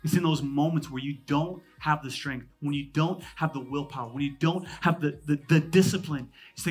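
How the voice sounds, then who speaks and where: A man in his thirties delivers a sermon in a husky, somewhat high voice, with soft music playing faintly behind him. He moves quickly from loud, emphatic declarations to hushed, intimate lines, and he slips in joking asides as he preaches. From California. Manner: quick, conversational preaching with humor. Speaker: pastor.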